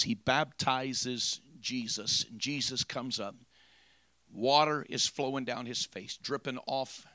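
Bright-voiced man preaching a sermon. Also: mid-range voice, no echo. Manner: building from quiet storytelling to loud, drawn-out preaching.

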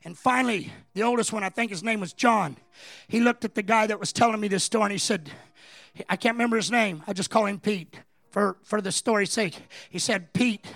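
A man preaching a sermon, his voice strikingly high yet gravelly with fry. He tells stories with a dry, close sound and swings from quiet, conversational telling to full-throated shouting. The delivery is that of a pastor carrying a congregation along. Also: fairly quick, no echo. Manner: builds from low conversational storytelling to shouting preaching. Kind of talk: sermon with storytelling.

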